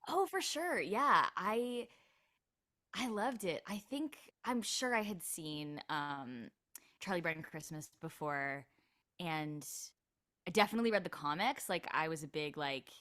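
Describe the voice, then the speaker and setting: A young adult actress chatting casually as an interview guest, with plenty of "like" fillers. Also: female voice, lowish voice, animated, a little slow, sharp tone.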